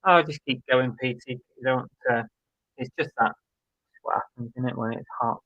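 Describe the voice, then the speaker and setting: A man's voice: medium pitch, normal speed, fairly bright tone, no echo. A man co-hosting a live chat show, reading out viewer comments in a chatty, laid-back way with plenty of fillers. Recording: dry, slightly dull stream audio.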